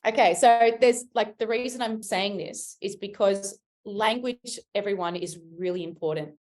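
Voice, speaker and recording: A woman with an Australian accent speaks to a room of fitness coaches in a lively motivational style. She leans on emphasis, poses questions to the crowd and keeps checking in with them. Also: mid-range voice, normal speed. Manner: emphatic, asks the room questions, frequent "right?". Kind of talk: motivational talk to a live audience.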